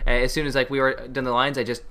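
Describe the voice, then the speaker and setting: Young male guest, casual chat, bright tone, self-deprecating and quick to laugh. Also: medium pitch, level tone. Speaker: co-creator guest. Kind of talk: casual behind-the-scenes chat.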